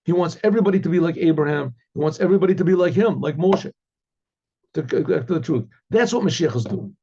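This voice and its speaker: Gravelly rabbi telling stories animatedly. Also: male voice, a little high, quick pace, dull audio. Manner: animated storyteller who acts out dialogues and keeps clearing his throat. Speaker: rabbi teaching a class. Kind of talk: informal Torah class.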